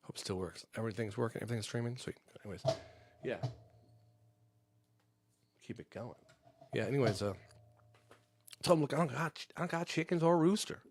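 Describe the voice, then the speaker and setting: A man hosting a comedy podcast live stream from home, telling a rambling, profane story in a casual, animated way. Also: medium pitch, a little fast, pauses often, background noise. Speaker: podcast host.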